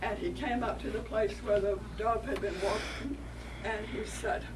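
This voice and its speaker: A woman telling a story aloud to a group of children in an animated, expressive way. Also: a little high, normal speed. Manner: animated, expressive, warm with listeners. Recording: distant mic, noisy room.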